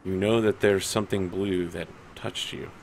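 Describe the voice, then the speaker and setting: A man narrating a tabletop game as game master in a dramatic, deliberate way. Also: sits low, fairly even intonation, a little hiss or hum, rough recording.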